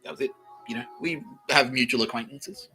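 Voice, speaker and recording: A man's voice: medium pitch, brisk, sharp tone, faint music behind. A man hosting a comedy podcast, rambling loosely, laughing and swearing as he riffs alone. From Australia. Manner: loose and giggly, swearing freely, slipping into quoted voices. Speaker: podcast host.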